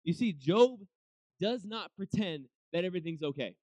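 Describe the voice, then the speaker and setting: A man's voice: sits high, lively intonation, moderate pace, darkish tone, no room sound. A young man giving a casual devotional talk, conversational, often acting out what people might say to God. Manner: conversational, acts out quoted voices, many restarts. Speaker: preacher.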